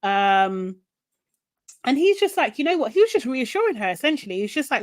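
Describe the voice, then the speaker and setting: A woman co-hosting a podcast, recapping a TV show in animated casual chat, quoting people and swearing. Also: high voice, fairly quick, no room sound. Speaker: podcast co-host.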